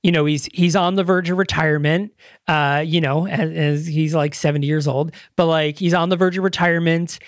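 A podcast host chatting casually and with real enthusiasm. The voice sits at a middling pitch and sounds dry and close to the mic. The delivery rambles, with plenty of filler words, restarts and the odd curse. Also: fairly even intonation, fairly quick, no room sound. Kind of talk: casual chat.

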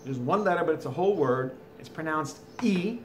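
A fairly high-voiced man walks through a French lesson at home, chatty and folksy. A faint hiss of background noise sits under his voice. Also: expressive, brisk. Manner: chatty, folksy asides between explanations. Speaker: French teacher. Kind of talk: recorded video lesson. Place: home, during school closure.

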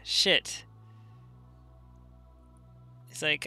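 A man's voice: fairly high pitch, normal speed, pushed and bright, clear, resonant tone, faint music behind. A man streaming a game, rambling casually with a friend, swearing and laughing often. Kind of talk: casual gaming chat.

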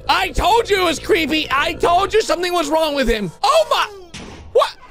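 High, animated young man reacting excitedly. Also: fairly quick, vocal fry. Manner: excitable, exclaiming, talks to viewers as "boys" and "bro".

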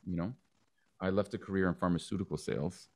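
A man's voice: deep voice, fairly even intonation, fast. Jokey man hosting a podcast. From Canada. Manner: playful, jokey, big announcer-style openings. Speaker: podcast host. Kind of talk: casual interview chat.

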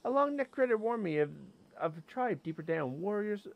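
A bold and friendly female bug warrior from a game, as a man puts her on. The voice sits high and lilting, reading each line with a cheery, adventurous swing. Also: very animated, fairly quick, gravelly, highs cut off, exaggerated voice. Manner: reading game dialogue aloud in a raised, lilting voice.

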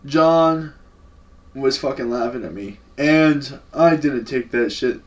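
A young man recounts a story in casual vlog style, loose and full of slang and profanity. His voice sits at an ordinary pitch for a man. He is recorded from a little distance away from the microphone. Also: slow pace. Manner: laid-back, slangy and profane. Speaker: vlogger. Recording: voice a bit far from the mic.

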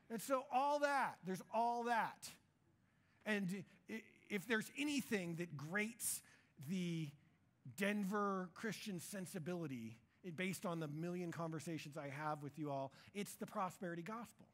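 A man preaching a sermon in a church, in a conversational, jokey and animated way. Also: high-pitched, measured pace. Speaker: pastor.

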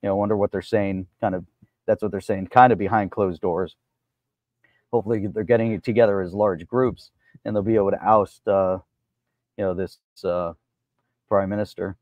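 A man co-hosting a casual talk show, giving steady commentary and short agreeing replies. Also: lowish voice, moderate pace, pauses often, no room sound, highs cut off. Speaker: co-host. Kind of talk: casual chat.

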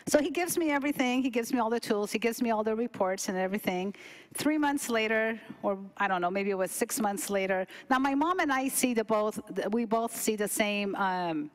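Animated storytelling woman, slightly high voice. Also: brisk. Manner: animated, acts out quoted dialogue with big pitch jumps. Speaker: cooking demo presenter. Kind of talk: casual storytelling.

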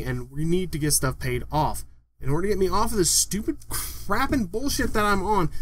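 A young man ranting in a home vlog from his bedroom, swearing a lot and breaking into loud outbursts. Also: sits high, slight background noise. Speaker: vlogger. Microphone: desktop microphone.

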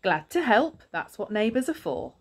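A woman's voice: medium pitch, sing-song, moderate pace, slightly rough, voice pushed up. A woman voicing a kind, polite male neighbour hedgehog in a storybook, sounding reassuring.

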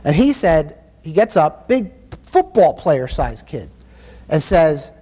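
A man's voice: a little high, very animated, takes it slowly, warm tone, husky. A man giving a conference keynote, telling stories in an emphatic, impassioned way. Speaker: keynote speaker. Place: university conference hall. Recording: long hall reverb.

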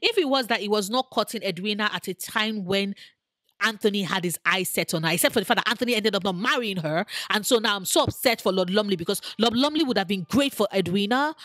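A woman chatting casually to camera as an online creator, animated and exclamatory, talking straight to the people she discusses. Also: mid-range voice, brisk, no room sound, studio quality. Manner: animated, exclamatory, addresses characters directly. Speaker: online video creator ranking TV characters.

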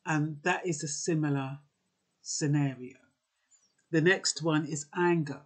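Man, husky voice, fairly high-pitched, earnest casual advice talk, lots of ums and restarts. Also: fairly even intonation, measured pace. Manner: earnest, conversational, with frequent fillers and restarts. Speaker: advice vlogger.

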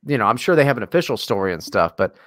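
An American man co-hosting a casual podcast, sarcastic and crude, with plenty of "uh" and "you know." His pitch swings widely as he talks. His voice sounds dry and close, with no room sound. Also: very animated, very fast, fairly bright tone, no room sound. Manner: profane and sarcastic, many fillers. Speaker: podcast co-host. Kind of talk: casual chat.

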